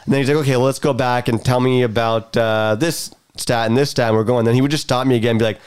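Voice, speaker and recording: A man co-hosting a relaxed podcast tells a story with gusto and slips into the voices of the people in it. His voice is smooth and clear at an ordinary middle pitch. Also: fast talker. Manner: animated anecdote telling with quoted voices. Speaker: podcast co-host. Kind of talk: casual chat, storytelling.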